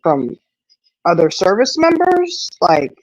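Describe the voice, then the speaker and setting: A woman's voice: mid-range voice, wildly swooping pitch, slow, a little mellow, lo-fi sound. A middle-aged woman hosting a casual livestream while out on a walk, rambling with lots of "you know" as she answers viewers. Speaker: livestream host. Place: outdoors on an evening walk.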